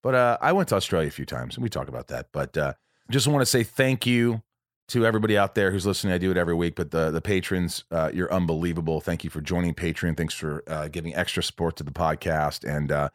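A man with a very low voice hosts his podcast from home, chatting loosely and circling back on himself as he corrects and restarts his sentences. The sound is close and dry, with no room echo. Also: fast talker. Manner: rambling, lots of restarts and self-corrections. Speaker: podcast host. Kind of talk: casual podcast chat.

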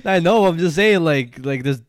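A man's voice: on the high side, animated, moderate pace, no room sound, clean studio sound. A young man co-hosting a podcast in casual chat, laid-back, laughing and swearing often. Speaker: podcast co-host.

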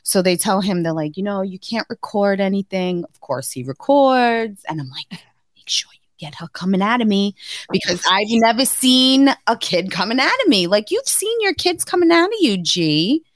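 A woman in her thirties co-hosting a podcast tells her birth story in casual chat, talking at normal speed with few pauses. An animated storyteller, she acts out quotes with a sudden high pitch, and the recording is dry and studio quality.

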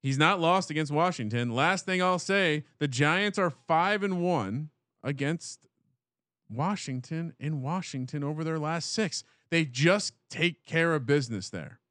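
A man co-hosting a sports betting show, rattling off stats with playful catchphrases and quick self-corrections. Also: fairly high pitch, lively intonation, fairly bright tone, no echo, clean studio sound. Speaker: sports betting podcast co-host. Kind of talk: casual sports betting chat.

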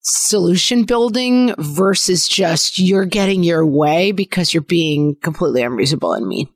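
A middle-aged woman co-hosting a podcast, chatting candidly about parenting and acting out her kids' lines in a relaxed, conversational way. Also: fairly low pitch, moderate pace, no echo. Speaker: podcast co-host. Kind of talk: casual parenting chat.

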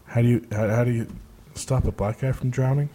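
A man co-hosting a podcast, talking in crude casual banter, loud and teasing, laughing often. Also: medium pitch, fairly even intonation, a little fast. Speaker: podcast co-host. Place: studio room in southern Utah.

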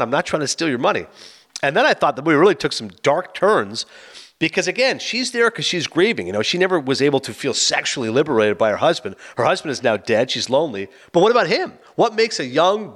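A man casually retelling a film's plot, acting out the characters' lines. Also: a little high. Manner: animated, acts out both characters' lines. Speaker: film reviewer.

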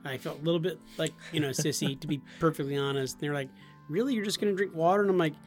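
A man from Nebraska co-hosting a podcast, telling animated stories and laughing as he talks. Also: on the high side, quick pace, soft background music. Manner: animated storyteller, laughs while talking. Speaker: podcast co-host. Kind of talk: casual storytelling chat.

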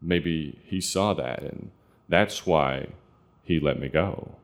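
A man telling a true personal story in an earnest, confessional way, with halting restarts. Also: extremely low pitch, creaky.

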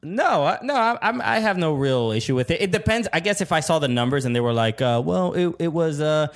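A man co-hosting a podcast in casual chat, halting with many restarts and laughing easily. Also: a little high, big pitch swings. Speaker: podcast co-host.

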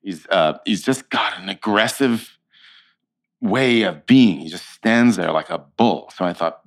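Deep-voiced man in his fifties. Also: a little slow. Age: 50s. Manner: animated storyteller, acts out quotes. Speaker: actor guest. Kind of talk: casual interview chat.

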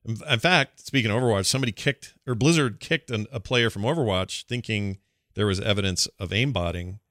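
A man's voice: on the low side, brisk, fairly bright tone, dry recording, studio quality. A man co-hosting a gaming podcast, chatting casually and reading listener emails, often correcting himself mid-sentence. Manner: rambling, self-correcting, reads listener emails. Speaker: podcast co-host. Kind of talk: casual chat.

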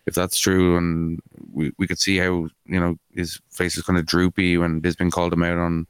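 A man's voice: deep voice, completely flat delivery, moderate pace, smooth, no room sound. A man co-hosting a podcast in casual sports chat, rambling with lots of fillers and swearing. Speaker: podcast co-host.

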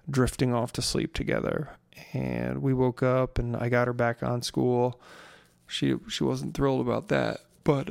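A man's voice: medium pitch, vocal fry, no room sound, studio quality. A man in his thirties, tired and yawning, rambling through a casual solo podcast about his day. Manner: rambling storyteller, yawning, relaxed. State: tired, sleepy. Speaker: podcast host.

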